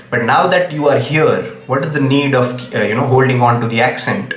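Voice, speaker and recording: Indian-accented male commentator, emphatic monologue, mid-pitched, echoey room with faint hum. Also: a bit bright. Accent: Indian English. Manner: emphatic, repeats "okay?" to press points. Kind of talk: solo opinion monologue.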